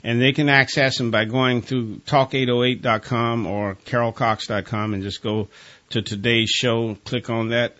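A man's voice: mid-range voice, level tone, moderate pace, fairly bright tone, lo-fi sound. A man hosting a call-in talk radio show, speaking plainly and casually with frequent stammering restarts.

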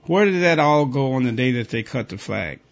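A man's voice: mid-range voice, moderate pace, muffled recording. A man reading guidelines aloud and breaking off into pointed, indignant comments of his own. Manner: reads text flatly, then breaks off into pointed, indignant asides.

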